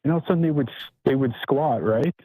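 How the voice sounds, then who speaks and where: A man's voice: medium pitch, quick pace, dark tone, no room sound, rough recording. A man on a call-in show telling a story, checking in often with "right?". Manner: tells anecdote with frequent "right?" checks. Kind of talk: casual call-in chat.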